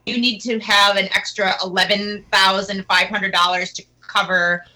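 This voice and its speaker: A woman guest on a radio interview, talking in a casual, animated and mocking way with quick asides. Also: mid-range voice, low-quality recording. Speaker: guest singer.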